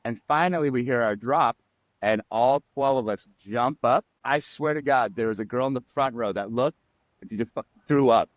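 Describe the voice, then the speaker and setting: A man telling personal stories as a podcast guest, animated and acting out quotes. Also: mid-range voice, moderate pace, dry recording, highs cut off. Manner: animated storyteller, acts out quotes and sound effects. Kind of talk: storytelling in a podcast interview.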